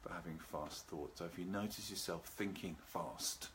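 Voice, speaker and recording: Hosting a live relaxation seminar by video from home, garden behind him, a man speaks in a very deep voice. He stays calm and unhurried, calls out live viewers by name, and there's faint noise behind him.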